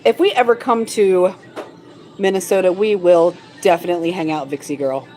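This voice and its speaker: A woman's voice: fairly low pitch, animated, fairly quick, dark tone, poor audio. A woman co-hosting a casual livestream from a shop late at night. She is sleepy and silly, laughing and reading chat messages aloud. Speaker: livestream co-host.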